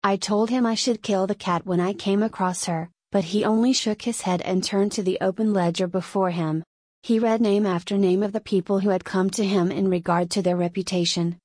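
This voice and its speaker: A woman narrating an audiobook in a steady, measured way. Her voice has a middle pitch, and the recording is dry, close and free of room sound. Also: dry recording. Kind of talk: audiobook reading.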